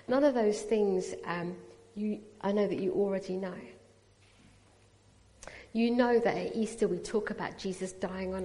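A woman giving a sermon and telling how she came to faith, earnest and personal, with quick apologetic asides. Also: medium pitch, mellow. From raised Sikh. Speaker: preacher. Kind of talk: sermon testimony. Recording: hall reverb.

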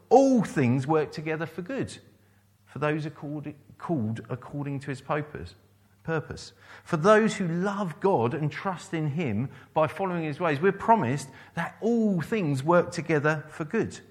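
A man delivering a sermon in an earnest preaching manner. His voice sits a little higher than most men's. He quotes scripture and repeats key phrases for emphasis.

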